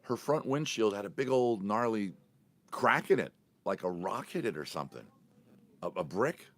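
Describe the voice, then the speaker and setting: Deep-voiced man telling a rambling story. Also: big pitch swings, normal speed. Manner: rambling, chatty, self-correcting. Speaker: podcast host. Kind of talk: casual storytelling monologue.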